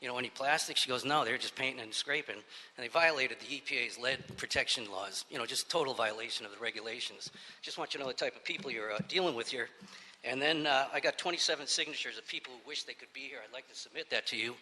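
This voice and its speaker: A man's voice: medium pitch, fast talker, bright, forceful tone, a little hiss or hum. A man giving public comment as a local resident, indignant and conversational, retelling what neighbors told him. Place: council chamber. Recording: echoey hall with faint ambience.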